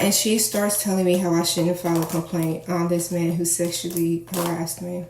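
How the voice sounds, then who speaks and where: A woman casually telling a personal story to her viewers, candid and animated as she acts out the dialogue. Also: fairly low pitch, moderate pace, hardly any pauses. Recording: echoey room, faint noise.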